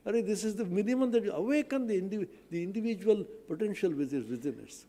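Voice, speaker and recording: High-voiced man lecturing in a hall. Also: lively intonation, fast, few pauses, mellow. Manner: earnest, explanatory, repeats phrases for emphasis. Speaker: guest speaker answering student questions. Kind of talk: lecture-style Q&A answer. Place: large hall at a science day event. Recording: long hall reverb.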